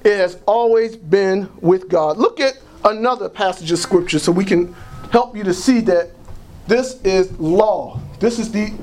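A man's voice: high-pitched, unhurried, darkish tone, recorded from a distance. A man preaching a sermon in a church, peppering his points with "praise God" as the congregation answers amen. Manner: punctuates lines with "praise God", drawing call-and-response. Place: church sanctuary. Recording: roomy, from the mic.

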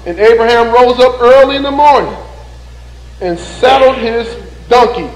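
A man with a strikingly high voice preaches a sermon, reading scripture slowly and deliberately. He breaks off into folksy, joking asides to his congregation. His voice rings out through a long, echoing church hall.

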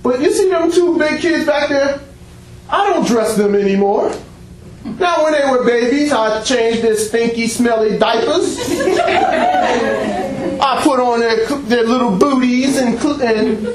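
A man preaching a sermon, animated, breaking into shouts and laughter and acting out little dialogues for the congregation. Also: extremely high pitch, unhurried. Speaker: pastor. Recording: very echoey room, faint background noise.

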